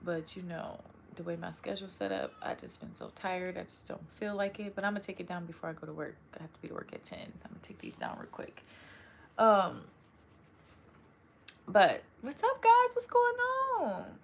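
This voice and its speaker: A young woman hosting a casual live stream, chatting warmly with viewers, greeting them by name and saying "y'all", a little tired from long work weeks. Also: on the low side, huge pitch swings, moderate pace, creaky, slight background noise.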